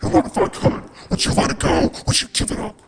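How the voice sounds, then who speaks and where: A woman's voice: fairly quick, close to an everyday voice. A woman whispering the lines of a menacing male villain from a book scene.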